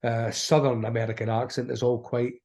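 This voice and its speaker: A man's voice: mid-range voice, little pitch movement, fairly quick, darkish tone. A middle-aged man with an Aberdeen Scottish accent, chatting as an actor guest in an interview, rambling with many restarts. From Aberdeen, Scotland. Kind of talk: casual interview chat.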